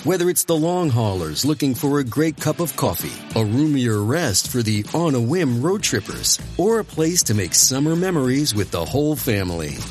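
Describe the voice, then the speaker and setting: A man's voice: mid-range voice, very animated, moderate pace, few pauses, a little mellow. A man reading an ad in a polished, upbeat style. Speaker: ad announcer. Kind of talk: scripted ad read. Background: music bed.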